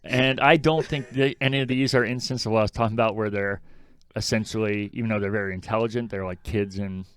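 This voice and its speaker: A man's voice: fairly low pitch, fairly even intonation, quick pace, a bit bright, smooth, dry recording. A man co-hosting a podcast in casual chat, blunt and swearing freely as he mocks lines he quotes. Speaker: podcast co-host.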